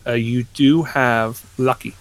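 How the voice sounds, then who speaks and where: A man's voice: medium pitch, fairly even intonation, slow. A man running a tabletop game as game master, hesitant, full of fillers.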